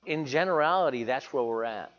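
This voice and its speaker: A man's voice: mid-range voice, animated, brisk, in a large hall. Earnest male preacher, dull recording. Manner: earnest, confessional, repeats phrases for emphasis. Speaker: pastor. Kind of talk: sermon.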